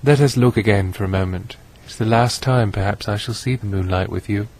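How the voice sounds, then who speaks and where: Languid, sickly young woman, read by a man in a low voice, sweet and weary, storybook reading. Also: brisk, lightly acted. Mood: wistful. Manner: soft, weary, reassuring. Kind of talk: audiobook reading.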